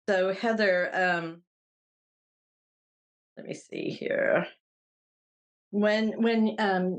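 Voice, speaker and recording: Woman host, low pitch, halting and searching delivery in casual interview chat. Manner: halting, searching for words with restarts. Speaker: podcast host and retreat volunteer.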